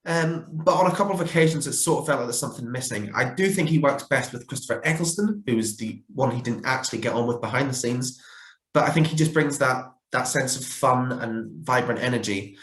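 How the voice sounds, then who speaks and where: A man talks through his rankings in a casual, opinionated way, often pausing on fillers and correcting himself mid-sentence. His voice sits at an ordinary middle pitch. The recording carries a noticeable roomy echo. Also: fairly bright tone. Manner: opinionated, chatty with frequent fillers and self-corrections. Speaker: fan reviewer ranking characters.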